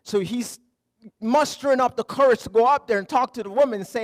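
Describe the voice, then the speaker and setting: A middle-aged man, a pastor, preaching a conversational sermon, telling stories with humor and moving from quiet lows to loud emphatic highs. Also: fast. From Canada.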